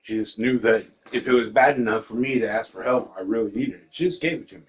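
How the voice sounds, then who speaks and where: A man's voice: medium pitch, fast talker, poor audio. A man telling stories in casual chat, swearing often and quoting family. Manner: emotional storytelling, swears, quotes others; eating while talking. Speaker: podcast host.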